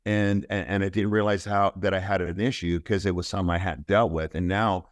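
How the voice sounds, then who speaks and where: A middle-aged man telling a personal story as an interview guest, earnest and halting, often restarting his sentences. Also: low-pitched, steady tone, no echo, studio quality.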